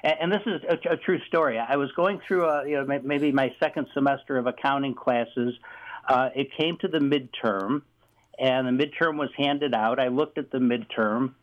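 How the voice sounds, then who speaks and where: A man in his sixties with a Chicago accent, telling stories as a radio guest in a halting, joking way with many fillers. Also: medium pitch. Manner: halting, many fillers, self-deprecating humor. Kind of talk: radio interview storytelling. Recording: slightly dull lo-fi sound.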